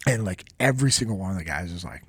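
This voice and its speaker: A man's voice: low-pitched, lively intonation, very fast, husky, dry recording. An American man hosting a podcast, telling an emotional story in a casual, earnest way. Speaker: podcast host.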